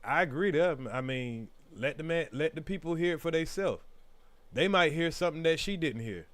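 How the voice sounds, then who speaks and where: A man's voice: fairly high pitch, animated, normal speed, a bit bright, no echo. A man hosting a live stream, giving opinionated, conversational commentary on a trial. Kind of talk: casual commentary.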